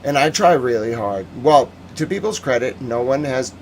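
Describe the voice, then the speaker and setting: A man's voice: mid-range voice, lively intonation, moderate pace, slight background noise. A man hosting a live-stream news recap, ranting with heated emotion and answering viewer chat. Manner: reads viewer chat aloud. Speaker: host.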